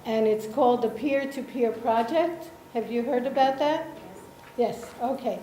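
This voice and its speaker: A woman from Israel presenting a workshop, explaining slowly with many pauses and ums and often checking in with her audience. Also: a little high, warm tone, slight background noise. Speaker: workshop presenter, association chair. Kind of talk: slow explanatory workshop talk. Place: lecture room. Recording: echoey room with faint ambience.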